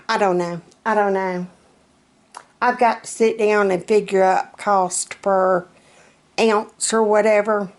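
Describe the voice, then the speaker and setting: Middle-aged woman, casual vlogger, unhurried rambling storyteller. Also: mid-range voice. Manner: rambling, chatty, drawn-out.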